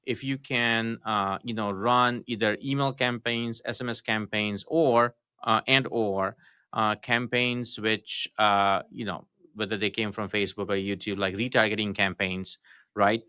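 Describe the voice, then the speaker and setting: Bright-toned man giving halting business advice. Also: fairly low pitch, fairly even intonation, smooth, dry recording, clean studio sound. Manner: halting, many fillers and restarts, matter-of-fact advice. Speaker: podcast guest, marketing consultant. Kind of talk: casual podcast interview.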